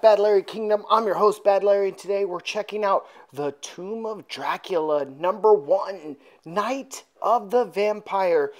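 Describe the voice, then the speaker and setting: A woman hosting a casual, chatty recap of an old comic book for her viewers. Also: medium pitch. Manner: chatty, addresses viewers as folks. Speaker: host.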